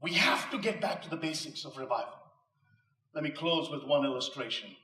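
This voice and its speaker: Male inspirational speaker, a bit high-voiced, emphatic and rhetorical, recorded off mic in a roomy hall. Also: lively intonation, a little fast, bright, forceful tone, distant mic. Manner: emphatic, rhetorical, with punchline jokes. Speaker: motivational speaker. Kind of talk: inspirational speech to a live audience. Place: live venue before an audience. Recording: echoey room, voice off mic.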